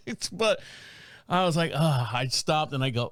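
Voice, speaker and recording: In a dry, studio-quality recording, a rural small-town podcast host in his fifties speaks at a moderate pace, his voice on the high side. His comedic stories ramble casually, full of laughter and acted-out voices, with a lively, animated delivery.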